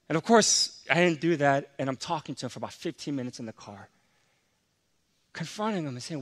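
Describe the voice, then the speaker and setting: A man's voice: a little high, fairly quick, long pauses. A man preaching a sermon, a pastor who tells a heartfelt family story in an earnest, confessional way, with emotion that swells.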